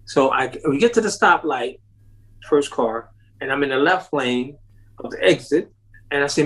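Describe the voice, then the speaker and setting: At a moderate pace with long pauses, a man with an expressive, slightly breathy voice tells a long story as an interview guest. He laughs often and acts out the voices of the people in it with sharp rises in pitch, and the audio is poor.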